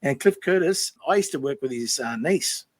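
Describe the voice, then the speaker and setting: An Australian man co-hosting a podcast in casual chat, a lively storyteller who laughs often. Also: medium pitch, normal speed, dry recording. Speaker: podcast co-host.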